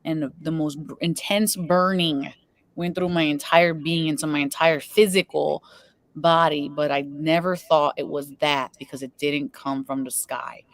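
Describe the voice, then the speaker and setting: A woman's voice: low-pitched, steady tone, moderate pace, no echo. A woman hosting an online spiritual talk show, telling a personal story in an earnest, chatty way. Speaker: show host. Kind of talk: spiritual interview chat.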